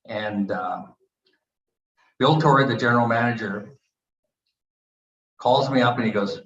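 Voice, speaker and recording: A man in his sixties from Canada, a retired hockey player telling animated stories at a book event and acting out the quotes. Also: medium pitch, unhurried, pauses often. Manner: animated anecdotes with acted quotes. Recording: echoey, dull room recording.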